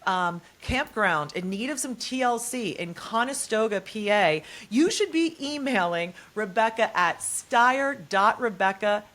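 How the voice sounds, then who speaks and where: A woman hosts a podcast in a relaxed, chatty way. Her voice sits at a middle pitch, and she tells animated stories, acting out what people said. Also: measured pace, few pauses. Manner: animated storytelling, acts out quotes. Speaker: podcast host. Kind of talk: casual chat.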